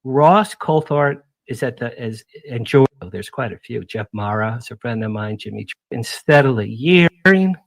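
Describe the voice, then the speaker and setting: A man's voice: mid-range voice, lively intonation, normal speed, gravelly, few pauses, no echo. A man talking as a guest on a radio interview show, rambling and jumping between topics in casual chat. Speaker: guest publicist.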